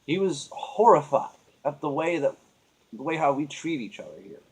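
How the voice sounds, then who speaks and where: A man's voice: on the high side, very animated, normal speed, husky. A man venting in a casual monologue, rambling and earnest, often restarting his sentences. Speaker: vlogger.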